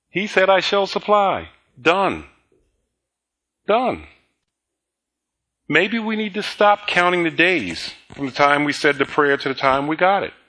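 A middle-aged male pastor preaching a sermon, slow and deliberate with emphatic repetition and chuckling asides. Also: a little high, bright, forceful tone.

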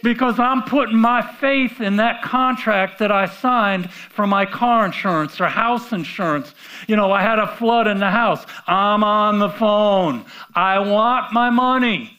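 High-voiced man preaching slowly. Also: bright, forceful tone. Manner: conversational preaching with rhetorical questions to the audience; halting restarts and repeated words. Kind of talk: sermon.

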